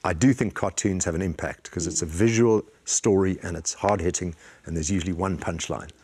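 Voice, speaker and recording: A man, a guest on a talk show, telling relaxed anecdotes in casual chat. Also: low voice, fairly quick, slightly rough.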